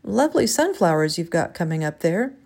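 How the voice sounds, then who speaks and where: A woman doing a shy old birdwatcher in a storybook, who names birds in a solemn, reverent voice. He speaks in a low, earnest way. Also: big pitch swings, brisk, gravelly, a little mellow, breathy edge, exaggerated voice. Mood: awkward.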